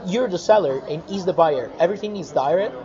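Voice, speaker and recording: Animated man over a busy crowd. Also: sits high, a little fast. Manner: animated storyteller, many restarts and repeated words. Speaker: comic artist guest. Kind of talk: casual interview. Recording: muffled recording with busy crowd.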